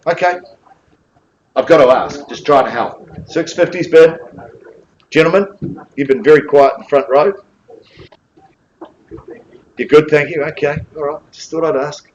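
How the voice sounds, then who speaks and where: A man's voice: a little high, slight background noise, rough recording. A man with a New Zealand accent calling a live property auction, coaxing bidders with jokes between bid calls.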